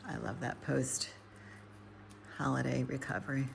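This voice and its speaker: Speaking slowly in a very deep, creaky voice with a steady tone, this woman talks over a noisy background. The hydroponic gardener and nutrition coach works with plants in an indoor grow room, chatting casually to viewers, rambling and thinking aloud.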